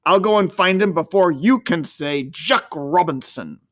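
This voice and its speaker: A man reading a storybook and voicing a jolly gentleman uncle who talks merrily and heartily. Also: fairly high pitch, animated, a little slow. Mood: cheering. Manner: merry, hearty.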